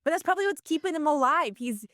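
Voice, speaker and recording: A woman co-hosting a casual podcast, talking excitedly and rambling with many restarts. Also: sits high, quick pace, slight background noise. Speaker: podcast co-host. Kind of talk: casual chat.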